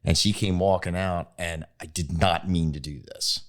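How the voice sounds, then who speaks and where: A man's voice: low-pitched, steady tone, normal speed. A young man talking as a podcast guest, an easygoing storyteller who laughs at himself. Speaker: interview guest, groom. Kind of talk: casual podcast conversation.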